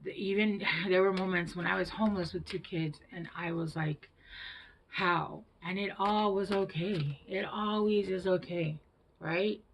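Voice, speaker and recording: A woman giving a tarot reading to her viewers, gentle and reassuring, with hushed whispered asides. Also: fairly low pitch, fairly even intonation, a little slow, a little hiss or hum, low-quality recording. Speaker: tarot reader.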